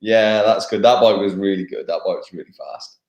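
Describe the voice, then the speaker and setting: A young English man, a motocross racer, chatting casually in a live interview, laughing and pausing on fillers. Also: lowish voice, steady tone. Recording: echoey room.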